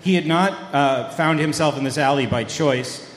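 Deadpan male storyteller in an echoey hall. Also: a little high. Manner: deadpan storytelling, many fillers and trailing pauses. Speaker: podcast host and guest. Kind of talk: mock-serious comedic storytelling. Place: live event hall. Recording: echoey hall with long reverb.

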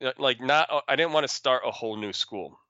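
A man, a schoolteacher being interviewed, talking casually and haltingly, often restarting and repeating words. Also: mid-range voice, pushed and bright, no echo, lo-fi sound. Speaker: schoolteacher and program founder, guest.

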